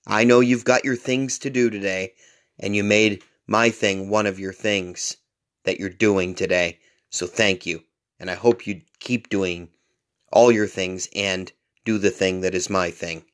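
A man's voice: fairly low pitch, fairly even intonation, measured pace, fairly bright tone, no echo. A man hosting a podcast, telling rambling, profane, jokey stories in a casual monologue. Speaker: podcast host.

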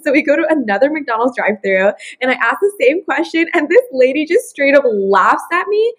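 A woman's voice: high-pitched, fairly quick, few pauses. A young woman telling a funny story in casual chat, laughing often and acting out the people in it. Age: young adult. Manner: animated, giggly, acts out voices in her stories.

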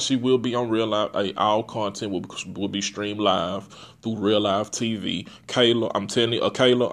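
Blunt, profane young man hosting a podcast. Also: medium pitch. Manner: blunt, profane, animated with catchphrases. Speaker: podcast host. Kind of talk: casual monologue to listeners.

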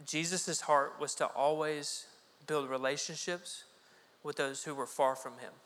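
A male pastor delivers a sermon in a chatty, lively way, dropping into playful quoted voices. His voice sits a little high and bright. It rings with a long reverb from a large hall. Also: measured pace. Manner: conversational, animated, acts out quoted voices.

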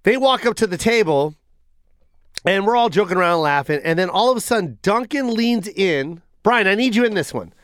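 A man hosting a comedy podcast, telling stories in an animated, profane way. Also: sits high, normal speed, clear, resonant tone, no room sound, clean studio sound. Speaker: podcast host. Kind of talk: casual comedic chat.

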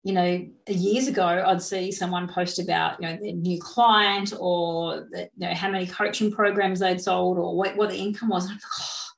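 Podcast host: woman, gravelly voice, eager and chatty, echoey room. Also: on the low side, level tone, moderate pace, few pauses. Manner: enthusiastic, chatty, lots of fillers. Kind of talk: casual interview chat.

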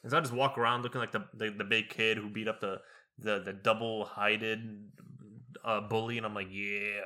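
A young man casually telling stories to a friend, animated and acting out quotes in raised voices. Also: lowish voice, brisk. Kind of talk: casual storytelling chat.

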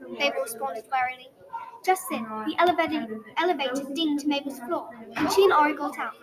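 A woman's voice: high-pitched, brisk, a loud crowd, rough recording. A woman narrating a story aloud in an earnest way, with small slips and restarts. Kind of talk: storybook reading.

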